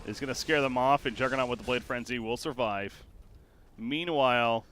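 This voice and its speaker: A male esports caster with a bright, forceful tone, calling a live match play by play. His voice climbs and gets louder whenever a fight breaks out. Faint noise sits under the close mic. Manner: quick play-by-play that surges in pitch and volume during fights. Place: home streaming setup.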